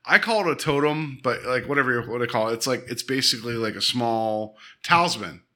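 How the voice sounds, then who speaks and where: A man co-hosting a podcast, casually and animatedly retelling an episode with lots of quick asides. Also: mid-range voice, sharp tone. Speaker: podcast co-host. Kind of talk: casual chat.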